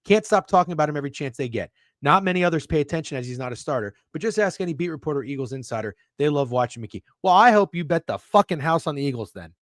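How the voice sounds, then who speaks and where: Sweary guy ranting on a betting stream, kinda high voice, super dry close mic. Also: expressive, quick pace, no room sound. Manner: profane, ranting, sarcastic. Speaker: sports betting show host. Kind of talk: live-stream rant reading chat.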